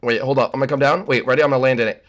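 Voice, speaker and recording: A man's voice: medium pitch, fairly even intonation, racing, a bit bright, natural voice. A man voicing a laid-back young dude who keeps saying bro in a Minecraft roleplay. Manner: slangy, drawling.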